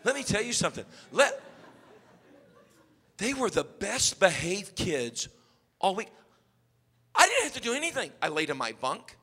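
A man, a youth pastor telling a comic story in an animated sermon style. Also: medium pitch. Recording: long hall reverb.

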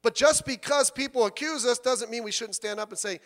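A male pastor preaching a sermon in a church, animated and conversational, acting out the people he quotes and swinging from soft asides to loud outbursts. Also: extremely high pitch, fairly quick, long reverb tail.

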